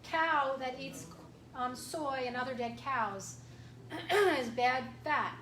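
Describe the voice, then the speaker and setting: A woman chiropractor giving a casual, emphatic health workshop talk to an audience, clearing her throat often. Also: high voice, slow, a bit bright. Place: room with an audience. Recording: echoey room from far off, faint hiss.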